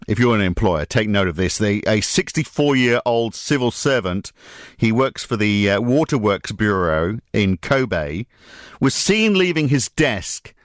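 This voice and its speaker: A man's voice: medium pitch, very animated, unhurried, no echo. Wry, joking male radio host, dry sound. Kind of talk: casual radio chat. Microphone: studio mic.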